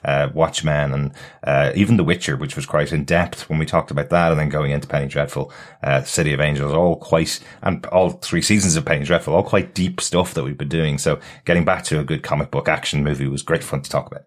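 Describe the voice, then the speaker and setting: A man's voice: rumbling low, fairly even intonation, fairly quick. A man hosting a TV podcast, chatting casually and laughing often. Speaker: podcast host.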